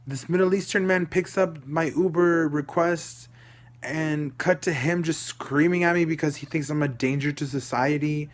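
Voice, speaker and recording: Young adult man vlogger, somewhat high pitch, emotional storytelling, repeats himself, swears. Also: steady tone, normal speed. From Dallas, Texas. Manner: rambling, repeats words, swears.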